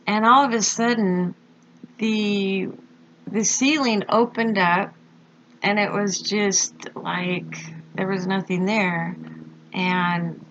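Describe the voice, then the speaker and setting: A woman slowly recounting a personal experience, halting with fillers and pauses. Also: medium pitch, fairly even intonation, a bit bright, a little hiss or hum. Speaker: storyteller recounting a near-death experience. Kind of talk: slow personal testimony. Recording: dull lo-fi recording.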